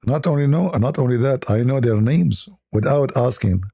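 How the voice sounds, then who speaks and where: A man's voice: mid-range voice, moderate pace, creaky, mellow, slightly rough, no echo. A man hosting a live stream, chatting casually and laughing at his own stories. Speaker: livestream host.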